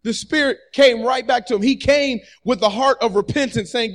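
High-voiced man preaching with fire. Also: normal speed, hardly any pauses. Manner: energetic call-and-response preaching, repeating phrases. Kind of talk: sermon.

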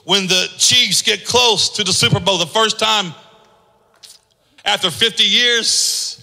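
Emphatic male pastor, repetitive sermon delivery; very bright tone, reverberant church hall. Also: high voice, slow pace, vocal fry. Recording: echoey hall.

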